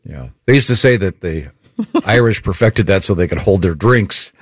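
A man's voice: deep voice, lively intonation, normal speed, husky, dry recording, studio quality. Older man cracking corny puns. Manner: corny punning jokes, rambling birthday list. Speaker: radio show co-host. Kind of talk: casual banter.

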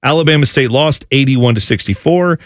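A man's voice: mid-range voice, fairly quick, no room sound, studio quality. A man from New Jersey hosting a casual talk show, telling stories and mimicking his relatives as he goes. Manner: animated storyteller, mimics relatives' accents. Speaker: podcast host. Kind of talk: casual chat.

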